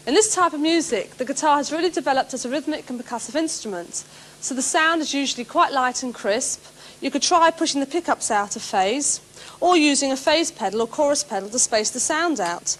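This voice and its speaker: A woman presenting a music show, reading a script in a clear, measured way. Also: sits high, lively intonation, fairly bright tone, a little hiss or hum.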